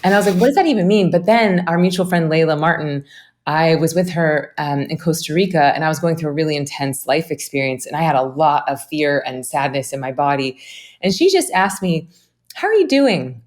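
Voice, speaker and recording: Low-voiced woman teacher chatting on a podcast, earnest, acts out little voices in her stories. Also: fairly quick. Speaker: guest, meditation teacher. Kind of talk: casual interview conversation.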